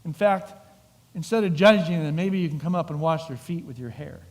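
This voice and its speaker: A middle-aged pastor with a fairly high pitch preaches fairly quickly in a church sanctuary, and the recording has long hall reverb. His storytelling is animated and vivid, complete with acted-out voices.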